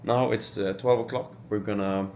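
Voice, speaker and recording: Brief: twenties male vlogger, low voice, easygoing and unscripted, many fillers. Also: normal speed, highs cut off, slight background noise. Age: 20s. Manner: relaxed, rambling, many fillers and restarts. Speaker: entrepreneur vlogger. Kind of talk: casual vlog narration.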